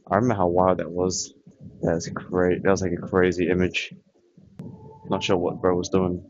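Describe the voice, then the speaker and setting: A man's voice: low voice, darkish tone, highs cut off. A young man chatting casually and rambling offhand while playing a game as a vlogger. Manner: rambling, offhand, trails off often. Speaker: gaming vlogger.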